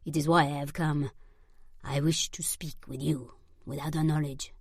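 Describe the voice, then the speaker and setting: A woman doing a formal older Frenchman with a low voice. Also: little pitch movement, normal speed, vocal fry, breathy edge, no room sound, studio quality, heavily acted. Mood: guarded, formal. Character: older male French jeweler, guarded, formal.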